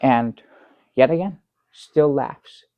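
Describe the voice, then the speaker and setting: An actor playing a bumbling middle-aged guest who rambles through a tall tale with many restarts, in improvised sketch comedy. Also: male voice, medium pitch, takes it slowly, no echo, dull audio. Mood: dry, halting. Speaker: guest on a comedy talk show.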